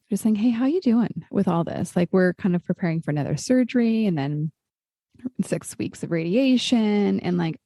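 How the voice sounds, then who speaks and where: A middle-aged woman with a mellow, fairly low voice hosts a podcast. She thinks aloud and asks long, searching questions. The recording is dry and close. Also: no echo. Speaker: podcast host. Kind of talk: conversational interview.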